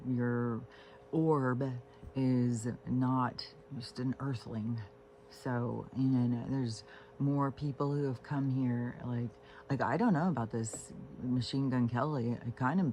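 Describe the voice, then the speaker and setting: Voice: mid-range voice, dark tone, a little hiss or hum. A vlogger talking at home in a casual, meandering monologue, profane and full of fillers and restarts. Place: at home on a couch with pets.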